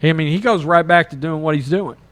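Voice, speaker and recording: A man from East Texas hosts a podcast, his voice on the high side and a little fast, with no echo. He rambles through a movie plot in an animated way, swearing freely and acting out the characters' lines as he reviews the film.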